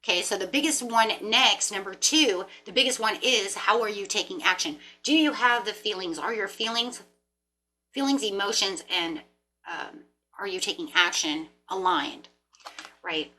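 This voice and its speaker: Bright-voiced woman reading tarot casually. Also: mid-range voice, moderate pace, slight background noise. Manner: rambling, animated, talks to herself with laughs and mock voices. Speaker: tarot reader. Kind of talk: casual spiritual talk to camera.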